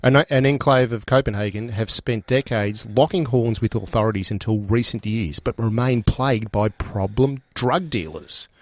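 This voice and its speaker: A man's voice: fairly low pitch, normal speed, hardly any pauses, dry recording. A man co-hosting a radio show, easygoing and chipping in with short replies and casual comments. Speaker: radio co-host. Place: radio studio.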